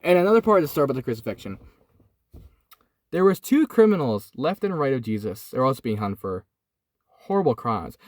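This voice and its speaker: A man's voice: medium pitch, sing-song, a little fast, long pauses, a little mellow, dry recording. A young man casually and earnestly retelling a Bible story, sweaty and teary, filming inside a hot parked car and saying "like" and "dude" a lot. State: sweaty and overheated, has been crying.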